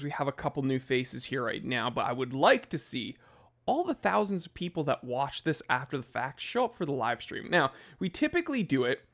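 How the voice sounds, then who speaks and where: A man's voice: fairly high pitch, a bit bright. A young man hosting a casual livestream from his home office, joking and ranting as he reads names from the chat. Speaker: watch channel host.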